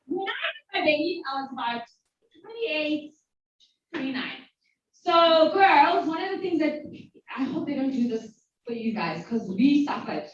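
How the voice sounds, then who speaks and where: A woman in her forties from South Africa, hosting a talk and telling a personal story to a live audience, lively and playful. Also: high-pitched, a little slow, a little hiss or hum. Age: 40s. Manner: animated, playful, acts out voices of others. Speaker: host. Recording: very echoey hall from far off, dull sound.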